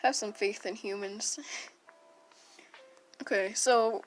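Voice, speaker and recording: A woman's voice: medium pitch, fairly even intonation, slow pace. A young woman telling an unscripted personal story in a rambling, self-interrupting way, with casual slang. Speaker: storytime vlogger. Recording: music playing behind.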